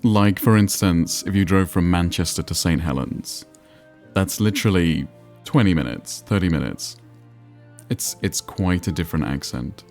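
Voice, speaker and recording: Low-voiced northern English streamer. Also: male voice, moderate pace, a little mellow, faint music behind. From England. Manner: chatty, musing, answers chat. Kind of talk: casual gameplay commentary.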